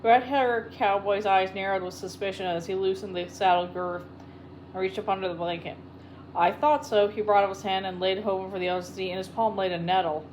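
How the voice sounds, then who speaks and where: A woman's voice: mid-range voice, steady tone, fast, darkish tone, slight background noise, low-quality recording. Woman reading a storybook aloud. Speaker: audiobook reader. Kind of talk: storybook narration.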